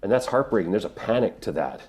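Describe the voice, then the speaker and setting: A middle-aged man, a voice actor, answering interview questions in an earnest, emotional way, often pausing and restarting. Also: fairly low pitch, animated, a little mellow. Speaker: voice actor guest.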